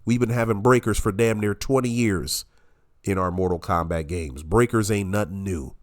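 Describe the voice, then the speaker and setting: A man's voice: lowish voice, moderate pace. A man giving heated, profane reaction commentary, his voice nasal and congested from illness. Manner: profane, combative ranting.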